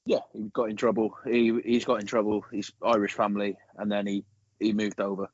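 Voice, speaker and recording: A man chatting about a film on a podcast, incredulous and animated, swearing casually. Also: on the low side, a little fast, no echo, highs cut off.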